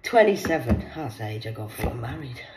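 Blunt, low-voiced middle-aged Englishwoman. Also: sing-song, a little fast, a loud crowd, poor audio. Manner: blunt, rambling, sweary. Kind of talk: casual monologue.

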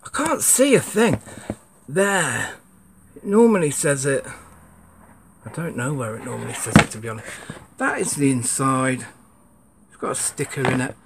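A man's voice: mid-range voice, sing-song, moderate pace, vocal fry, noisy background. A man giving a casual, rambling unboxing chat, grumbling and swearing at his camera. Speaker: sneaker vlogger.

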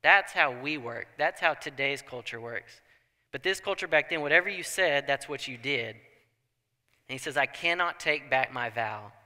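A young man preaching a sermon in a church, telling the story with animated asides and acting out people's thoughts. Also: medium pitch, unhurried. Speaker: pastor. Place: church sanctuary. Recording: long church hall reverb.

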